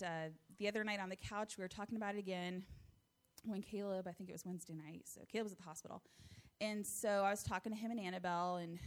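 A woman's voice: medium pitch, a bit bright. An American woman in her thirties giving an earnest, heartfelt testimony to a church congregation. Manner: earnest, heartfelt storytelling with light laughs.

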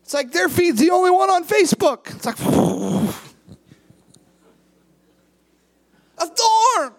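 Brief: high-pitched, animated preacher with hushed-to-shouted sermon delivery and rhetorical questions. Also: extremely slow, vocal fry. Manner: swings between hushed and shouted. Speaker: pastor.

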